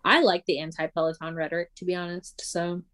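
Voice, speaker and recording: Podcast woman with a lower voice, blunt and dryly joking. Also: level tone, fast, fairly bright tone. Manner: blunt, wry, dismissive. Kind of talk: casual chat. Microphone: remote call.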